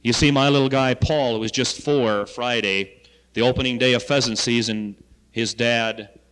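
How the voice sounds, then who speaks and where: In this 1970 archive recording from a reverberant lecture hall, a man serving as health education coordinator gives students an anecdotal talk full of rhetorical questions and folksy tales. His medium-pitched voice is smooth and a bit bright, with fairly even intonation at normal speed.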